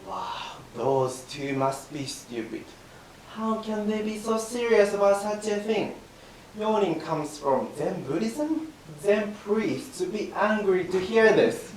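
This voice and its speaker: A man's voice: sits high, lively intonation, slow, pitched above the performer's own voice. A man playing a bored, grumbling bystander in rakugo comic storytelling. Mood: exasperated. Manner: grumbling, exasperated muttering. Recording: roomy, distant mic, faint hiss.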